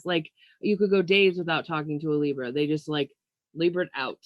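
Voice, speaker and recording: A young woman co-hosting a podcast, in a laid-back, chatty way. Her voice sits a little low, and it is recorded close and dry with no room sound. She swears casually and laughs easily. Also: moderate pace, dry recording. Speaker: podcast co-host. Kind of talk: casual chat about astrology.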